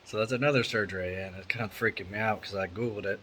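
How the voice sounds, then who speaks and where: A middle-aged man talks to his camera in a loose, rambling way, candid and conversational. His voice sits fairly low. A faint steady hum from a fan in the room runs behind him. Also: fast talker, rough recording. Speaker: vlogger. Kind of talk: casual vlog monologue. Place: indoor room with an electric fan.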